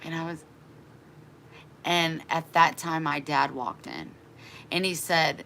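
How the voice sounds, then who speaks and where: A woman vlogger telling a story in a casual, animated and exasperated way to her live chat. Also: low voice, slow pace, vocal fry, long pauses, slight background noise.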